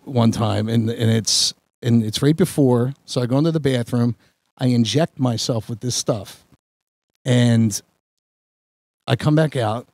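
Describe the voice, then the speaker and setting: A man on a podcast, telling a long story in a rambling, animated way with many restarts. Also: medium pitch, dry recording. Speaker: podcast host. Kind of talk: casual storytelling chat.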